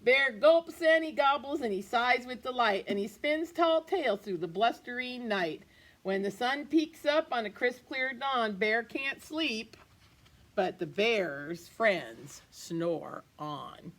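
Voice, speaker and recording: A woman teacher reading a picture book aloud to her class, expressive and playful, with asides to the children. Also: on the high side, takes it slowly.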